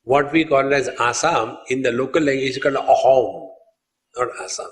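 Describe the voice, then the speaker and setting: Casting: male swami, calm storytelling sermon, mid-pitched voice, speaks directly to listeners as friends. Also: normal speed. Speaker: swami teaching spiritual discourse. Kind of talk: sermon on scripture.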